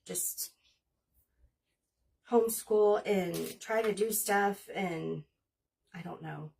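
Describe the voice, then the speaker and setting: A woman's voice: mid-range voice, drawn-out words, gravelly, darkish tone, distant mic, a little hiss or hum. A woman in her forties chatting casually and rambling as she hosts a crafting livestream. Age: 40s. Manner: chatty, rambling, talks while working.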